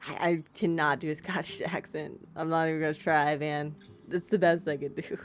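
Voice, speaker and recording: A woman's voice: deep voice, little pitch movement, moderate pace. A woman streamer playing a story game, reading the text aloud and chatting in a casual, self-deprecating, giggly way. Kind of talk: casual let's-play commentary and narration.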